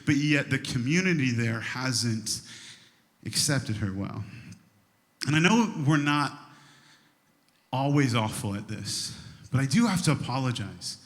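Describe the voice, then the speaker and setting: A man in his thirties, a youth pastor, telling a funny story in his sermon, animated and laughing, leaping into high exaggerated voices for quotes. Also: unhurried, pauses often. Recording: long hall reverb.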